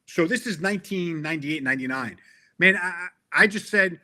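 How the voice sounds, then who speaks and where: A middle-aged man with a fairly high, bright and forceful voice talks as a guest in a casual interview. He is earnest and emphatic and often stumbles and restarts mid-sentence as he makes his point. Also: expressive, fairly quick. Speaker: interview guest, tech sales veteran.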